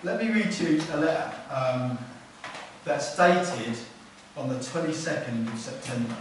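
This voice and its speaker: A man's voice: mid-range voice, measured pace, slight background noise. A man preaching a sermon as pastor, in an earnest conversational way that repeats words for emphasis. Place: church hall. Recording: echoey hall, mic far off.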